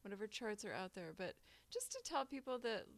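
A woman's voice: mid-range voice, big pitch swings, a little fast. A woman co-hosting a podcast in casual chat, upbeat, bubbly and a little rambling. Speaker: podcast co-host.

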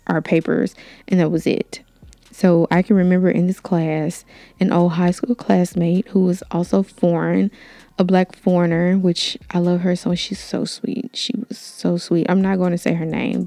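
A young woman tells a story on her podcast in a loose, chatty, animated way. Her voice sits a little low, with plenty of gravelly fry and a warm, dark tone. The sound is dry and close, with no room around it. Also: no room sound. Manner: casual, animated storytelling with many fillers. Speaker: podcast host. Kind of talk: storytime monologue.

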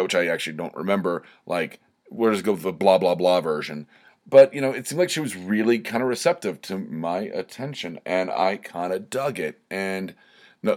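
A young man hosting a podcast, telling a rambling personal story in a self-deprecating, digressive way with many restarts. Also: low voice.

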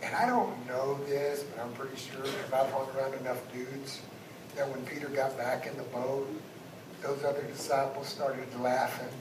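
A man, a guest pastor, preaching a sermon and moving between loud exhortation and hushed asides. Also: medium pitch, steady tone, normal speed. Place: church sanctuary. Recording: echoey church sound from a distance, background noise.

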